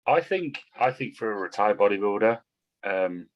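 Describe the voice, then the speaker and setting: A man's voice: on the low side, expressive, moderate pace, highs cut off. A man chatting bluntly as a podcast guest, swearing freely and repeating himself. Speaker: guest bodybuilder. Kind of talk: casual podcast chat.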